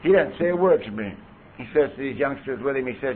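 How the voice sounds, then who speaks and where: A man's voice: mid-range voice, animated, quick pace. A man sharing his personal recovery story at a meeting, in a conversational way with lots of "you know.". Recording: tinny phone-like tape with faint hiss.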